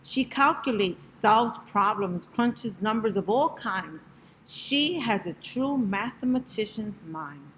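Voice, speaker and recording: Woman reading as a calm male teacher. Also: medium pitch, slight background noise, rough recording. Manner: calm, measured.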